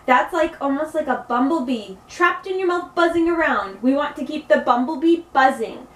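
A woman's voice: sits high, animated, moderate pace. A woman giving a patient, encouraging one-on-one singing lesson to a child, demonstrating vocal sounds as she goes. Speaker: singing teacher. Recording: echoey room, distant mic.

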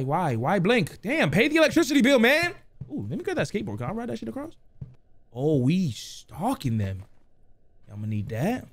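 A man playing a horror game and commenting, excitable, cursing, shouting, then muttering to himself. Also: sits high. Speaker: gaming YouTuber.

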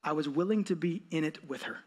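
A man's voice: fairly high pitch, quick pace, breathy edge. A man in his thirties, a pastor giving a sermon, telling a self-mocking, humorous story. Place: church.

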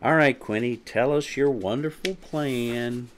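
A man's voice: medium pitch, wildly swooping pitch, takes it slowly, a little hiss or hum, voice pushed up, full character voice. A man voicing an impatient, skeptical young male chick in a storybook reading.

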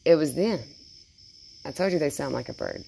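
Woman, low voice, soft cooing baby-talk, outdoors at night, faint crickets behind. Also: normal speed, creaky, a little hiss or hum. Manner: coos softly and praises, baby-talk tone. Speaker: vlogger. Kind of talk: casual talk to a wild animal.

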